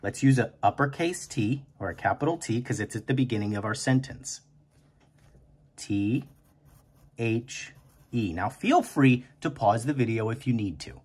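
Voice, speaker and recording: Husky-voiced man as a gentle kindergarten writing teacher who stretches out every word. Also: mid-range voice, animated. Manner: slow, encouraging, stretches out words aloud. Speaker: teacher and podcast host.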